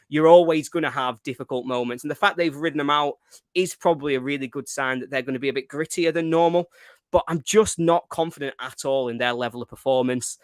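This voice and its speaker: A man's voice: medium pitch, clear, resonant tone, no echo, clean studio sound. A man co-hosting a casual football prediction chat, breaking down the stats in an analytical, chatty way and laughing easily. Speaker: co-host.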